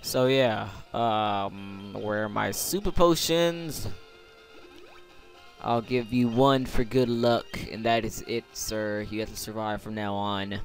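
A man's voice: fairly low pitch, unhurried, soft background music. A young man commenting on a video game playthrough in a sarcastic, rambling, casual way. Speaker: let's play commentator.

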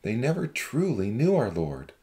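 A woman voicing a gentle, earnest young man who speaks calmly to old friends in a Christian novel reading. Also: very deep voice, moderate pace, pitched below the performer's own voice, heavily acted.

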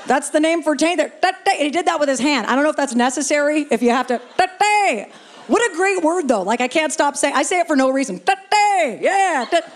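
A woman performs a stand-up set in a live venue on a stage mic, brash and playful, swearing freely and doing crowd work with the audience. Her voice sits high and moves fast with few pauses, a faint crowd audible behind her.

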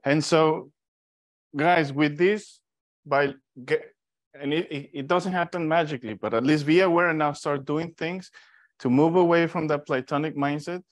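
A man from Mexico teaching an informal Bible study, telling stories in a lively, animated way with restarts. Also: a little high, moderate pace, dry recording, studio quality.

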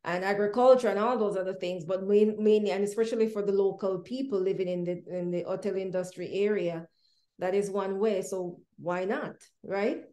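A woman's voice: medium pitch, steady tone, moderate pace, warm tone. A woman hosting an interview, asking questions hesitantly with many fillers in a friendly way. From Jamaica. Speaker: interviewer host. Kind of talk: interview chat. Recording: roomy echo.

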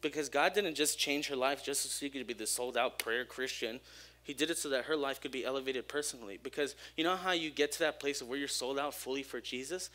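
Young man, bright voice, casual church sermon, lively and joking, open and personal. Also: medium pitch, a little fast. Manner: energetic, joking, openly personal. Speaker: church speaker. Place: church service.

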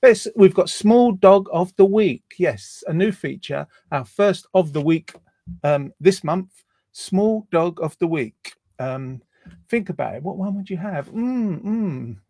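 A man's voice: high voice, lively intonation, slow pace, dark tone, no echo, studio quality. A man hosting a casual online chat show over a video call, playful and rambling, teasing his guests. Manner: playful, rambling, self-mocking. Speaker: host.

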